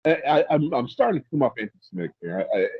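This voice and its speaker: Man, podcast host, halting rambling delivery, lively pitch, dry muffled recording. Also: breathy edge, no room sound. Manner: rambling, halting, with many repeated starts. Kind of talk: casual opinionated chat.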